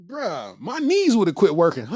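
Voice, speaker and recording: A comedy podcast host with a high-pitched voice reacts to viewer comments in casual chat. He riffs in heavy slang and keeps laughing between lines. The recording is clean studio sound without echo.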